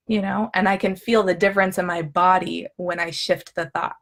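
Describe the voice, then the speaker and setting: A woman's voice: medium pitch, level tone, fairly quick, few pauses, fairly bright tone. A woman coaching viewers in a live talk, upbeat and chatty, often checking in with "okay?" and acting out her own inner thoughts with drama. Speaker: emotional eating coach.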